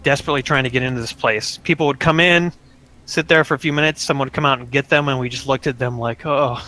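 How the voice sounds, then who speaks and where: Bright-voiced man, casual podcast chat. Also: medium pitch, fairly even intonation, fast, poor audio. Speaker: podcast co-host.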